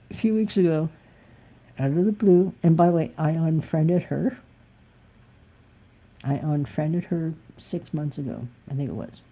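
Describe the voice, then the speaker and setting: A woman's voice: deep voice, mellow, breathy edge. A woman musician talking candidly and bluntly in a live-stream monologue. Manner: blunt, emphatic, occasionally swearing.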